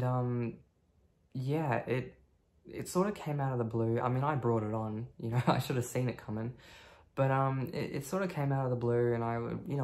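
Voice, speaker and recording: A woman in her thirties telling her own story on a video diary. She talks candidly and casually, swears freely and fills pauses with lots of ums. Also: a bass voice, a little mellow. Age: 30s. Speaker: vlogger.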